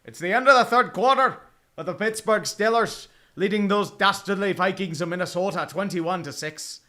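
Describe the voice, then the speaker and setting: A man's voice: high voice, brisk, sharp tone. A man streaming a football watch-along, chatting casually and profanely, with bursts of mock play-by-play calls. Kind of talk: casual live game commentary.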